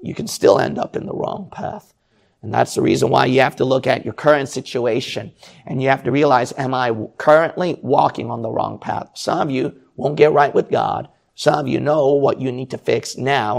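A male preacher gives a sermon at a normal speed, urging his listeners on with a string of repeated rhetorical questions. His voice is at an ordinary male pitch but deeply gravelly and rough, with a husky, unclear edge.

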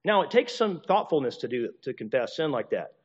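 A man's voice: mid-range voice, big pitch swings, a little fast, breathy edge. A man preaching a sermon, talking animatedly with frequent restarts and repeated words, acting out apologies in shifting voices. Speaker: pastor or teacher. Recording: dull recording with long reverb.

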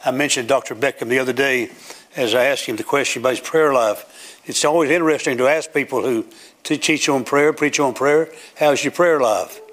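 A man's voice: mid-range voice, a little fast. An older man preaching a sermon in a church, building to emphatic, declaiming runs. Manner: emphatic, rising to loud preaching cadence. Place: church sanctuary with platform.

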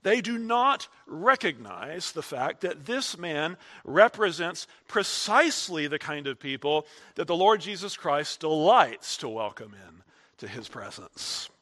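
A man preaching a sermon to his congregation, slow and emphatic, swelling and dropping in intensity. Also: high-pitched, sharp tone.

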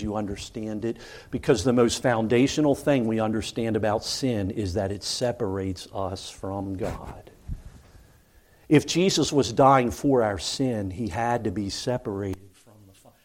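A man preaching a sermon, building to loud cries and then dropping to hushed, solemn tones. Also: mid-range voice.

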